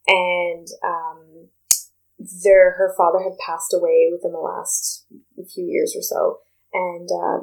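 A woman wedding planner talks casually on a podcast in a slightly low voice. She rambles a little and often restarts her sentences. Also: creaky, poor audio. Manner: rambling, halting restarts with "you know".

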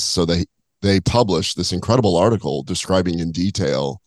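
A man co-hosting a podcast, a doctor who tells stories in an animated, enthusiastic way. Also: low-pitched, no echo. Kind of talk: casual podcast interview.

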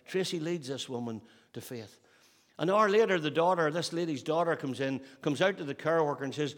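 A preacher with a slightly high voice delivers a sermon in a church hall. He builds to fervent peaks and then drops to a soft, low pleading. Long reverb hangs behind every word. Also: brisk.

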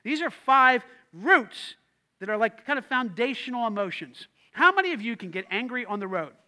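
A man, the lead pastor, preaching a lively sermon, acting out quoted voices and shouting in bursts. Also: very high voice, normal speed.

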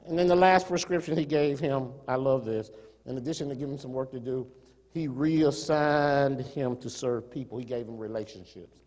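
A man preaches in a high, ringing voice. He throws rhetorical questions at the congregation, building to loud emphatic peaks before falling back to quieter asides. His sermon carries a long reverb from the church sanctuary. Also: a little fast. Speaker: pastor.

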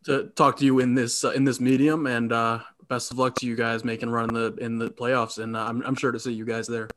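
A man co-hosting a high school sports podcast, upbeat and wrapping up segments like a host. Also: little pitch movement, fairly bright tone. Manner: quick, upbeat, host-like wrap-ups. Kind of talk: casual sports chat.

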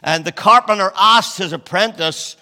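A man's voice: high voice, normal speed, bright, forceful tone, in a large hall. A man in his sixties preaching a sermon in a conversational, storytelling way, with frequent fillers and restarts. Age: 60s. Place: church.

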